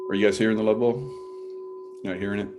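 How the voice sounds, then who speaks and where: A man's voice: lowish voice, level tone, fast talker, heavy background noise. Rambling man chatting on a livestream. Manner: rambling, chatty, laughs often. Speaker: online show host. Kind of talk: casual livestream chat. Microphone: computer mic.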